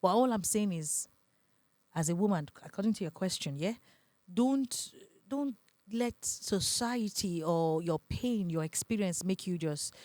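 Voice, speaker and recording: Animated Nigerian woman, dry close sound. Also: medium pitch, a little slow, no room sound. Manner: animated, dramatic storyteller who laughs often. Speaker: relationship advisor and guest. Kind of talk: casual podcast interview talk.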